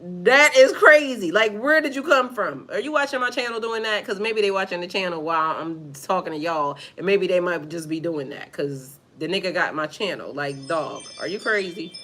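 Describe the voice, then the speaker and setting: A woman's voice: on the low side, moderate pace, few pauses, a bit bright. A woman giving a spiritual card reading, breaking off to react bluntly and profanely to viewer messages. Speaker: tarot reader. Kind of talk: reading plus live chat reactions.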